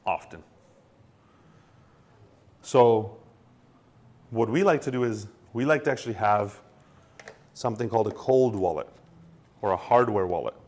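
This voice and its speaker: Lowish-voiced man explaining casually. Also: unhurried, long pauses. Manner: animated, acts out quoted dialogue, many restarts. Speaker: co-host explaining crypto wallets.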